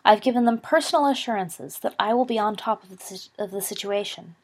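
A serene elderly wizard, courtly and softly assured, read by a woman. The voice carries a gravelly edge and a husky, breathy grain. It is an audiobook-style reading of a story. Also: medium pitch, a little fast, lightly acted. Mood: calm, assured. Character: elderly calm twinkling male wizard headmaster.

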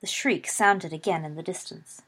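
A woman narrating a story in a steady, measured reading voice. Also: fairly low pitch.

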